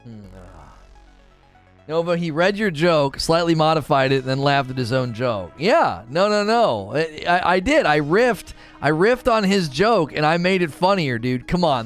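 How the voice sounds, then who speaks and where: A man's voice: a little high, very animated, normal speed, soft background music. A young man streaming a game, talking casually, reading chat and laughing often at his own jokes. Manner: chatty, laughs often, mocking jokey asides.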